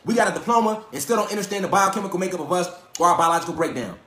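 Brief: fast-talking man, high voice, profane and preachy livestream lecturer, roomy echo. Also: expressive, a bit bright. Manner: profane, preachy, street slang, repeats himself. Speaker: livestream host.

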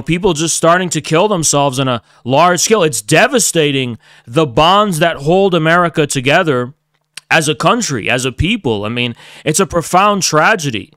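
Male streamer, fairly high smooth voice, profane ranting monologue, dry close mic. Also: dry recording. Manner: profane, swinging from shouting to quiet lecturing. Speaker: political streamer. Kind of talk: heated livestream rant.

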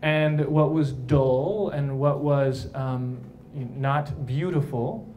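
A man voicing an elderly, stern nun superior, with a put-on Indian or Albanian accent and slow, emphatic delivery. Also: mid-range voice, fairly even intonation, darkish tone, a little hiss or hum. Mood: solemn.

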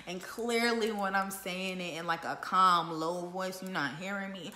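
Blunt, low-voiced woman venting on a livestream. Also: animated, slow, roomy sound. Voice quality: naturally loud voice. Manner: blunt, profane, repeats rhetorical questions. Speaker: vlogger going live. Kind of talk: casual live-stream monologue. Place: at home indoors.

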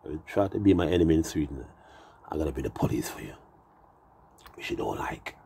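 A man's voice: extremely low pitch, lively intonation, brisk, vocal fry, mellow, husky. A Jamaican man in his sixties, telling rambling, profane, boastful stories in a casual live-stream chat. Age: 60s.

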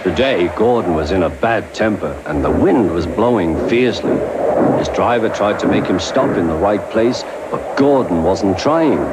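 Man narrating a storybook calmly. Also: on the low side, normal speed, very noisy. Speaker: storyteller host. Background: background music.

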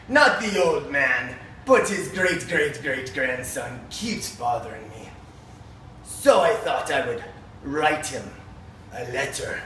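A man playing a pompous, self-satisfied German mad surgeon with a mock German accent in a comic monologue. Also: medium pitch. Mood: smug. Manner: grandiose, smug, bursts into shouting rants. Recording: echoey room, distant mic, faint noise.

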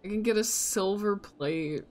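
During a casual live stream, a woman plays a video game and vents her exasperation, cursing at her opponent while addressing her chat. Her medium-pitched voice has a measured pace and a darkish tone, with a little hiss or hum present.

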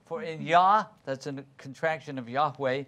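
A man with a notably high voice leads a Bible study as pastor. He explains each verse carefully, calls on people by name to read, and repeats key words to drive them home. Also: moderate pace, pushed and bright. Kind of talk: interactive Bible study teaching.

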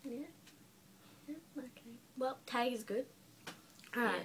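A woman's voice: on the high side, fairly even intonation, slow, fairly bright tone, a little hiss or hum. An Australian woman hosting a casual vlog chat with her brother, teasing and giggly in a blunt way. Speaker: vlogger host.

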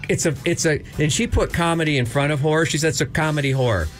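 A man's voice: on the high side, quick pace, faint music behind. A man co-hosting a radio show, protesting and flustered in loose banter. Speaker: radio co-host.

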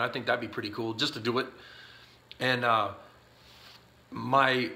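A man's voice: mid-range voice, bright, forceful tone. A man talking casually to camera from his garage workshop, rambling in a folksy way with lots of uhs, and sleepy and yawning. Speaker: YouTube channel host answering viewer questions.

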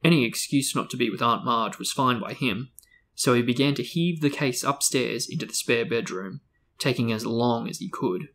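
A man hosting a book discussion, reading a novel aloud with steady, even storytelling. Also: mid-range voice, normal speed.

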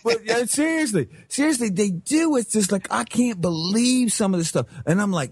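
A middle-aged man hosting a talk radio show, ranting in a slangy, animated way. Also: high-pitched, normal speed, few pauses, slightly rough. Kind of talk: heated talk-radio rant.

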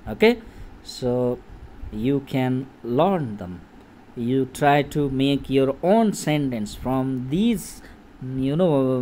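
A man's voice: medium pitch, a little mellow, slight background noise. A man in his thirties teaching an English vocabulary lesson, repeating words and checking in with "okay?" again and again. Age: 30s. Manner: slow, repetitive, checks in with "okay?" often.

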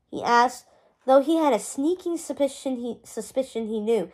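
A woman's voice: on the high side, lively intonation, moderate pace, darkish tone. A woman reading a chapter book aloud, narrating expressively. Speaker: storybook reader.

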